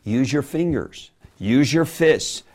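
A man giving a preaching-style lesson on speaking, animated and emphatic, sometimes dropping to a quiet voice. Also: medium pitch, slow pace. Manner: animated, emphatic delivery with sudden drops to a quiet voice. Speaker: preacher teaching public speaking.

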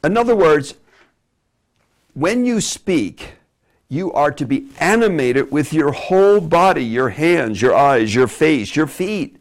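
Emphatic male preacher teaching a class, lively up-and-down delivery. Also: on the high side, slow. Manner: animated, emphatic delivery with sudden drops to a quiet voice. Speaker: preacher teaching public speaking. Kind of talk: preaching lesson on speaking.

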